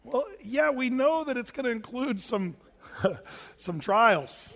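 Man, pastor, high voice, conversational sermon, jokes with the congregation, reverberant church hall. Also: takes it slowly, vocal fry. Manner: conversational and animated, reads scripture aloud, jokes with the congregation. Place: church sanctuary.

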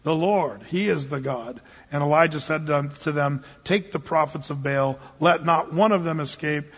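A man preaching a sermon to a congregation, retelling a story in a casual, animated way. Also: a little high, measured pace, husky. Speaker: pastor. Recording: dull recording with long hall reverb.

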